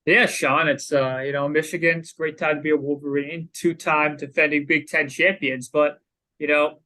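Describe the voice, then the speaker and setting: A man's voice: on the high side, sharp tone, low-quality recording. A man co-hosting a sports podcast, talking casually with lots of filler words. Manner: chatty, lots of "you know" fillers. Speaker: podcast co-host.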